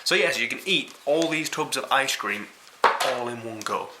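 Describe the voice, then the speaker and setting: A man's voice: medium pitch, moderate pace, sharp tone, slight background noise, poor audio. A young man with a Yorkshire accent giving a casual, rambling and sweary food review to camera. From Yorkshire, England.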